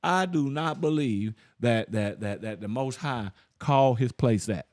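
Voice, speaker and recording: A man's voice: mid-range voice, a little slow, darkish tone, dry recording, studio quality. A man leading an informal Bible study, folksy, repeating words and asking his listeners questions. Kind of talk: informal preaching.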